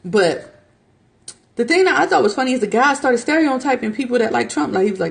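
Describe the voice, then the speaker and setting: Chatty young woman with a gravelly edge. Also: fairly quick. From United States. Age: young adult. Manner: animated, mimics others in high squeaky voices; laughs while talking. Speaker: podcast host. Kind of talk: casual opinion monologue.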